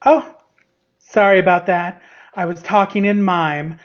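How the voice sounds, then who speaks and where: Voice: mid-range voice, fairly even intonation, a little slow, muffled recording. A host handing over segments on a livestream with sassy, campy banter. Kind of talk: hosting a livestream.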